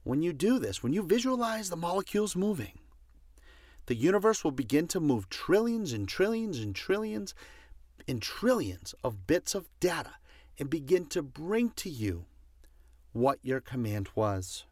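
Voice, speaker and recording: A man's voice: a little high, very animated, unhurried, darkish tone, dry recording, clean studio sound. A man giving a passionate motivational talk, stressing his points by repeating commands. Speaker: motivational speaker.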